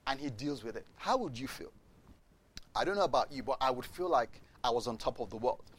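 A man preaching a sermon, telling the story in a lively way, asking the congregation questions and acting out the voices of the people in it. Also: medium pitch, brisk, breathy edge. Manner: addresses the congregation directly with questions.

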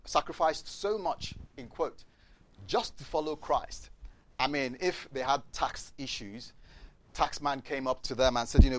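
A man preaching a sermon, telling the story in a lively way, asking the congregation questions and acting out the voices of the people in it. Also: mid-range voice. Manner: addresses the congregation directly with questions.

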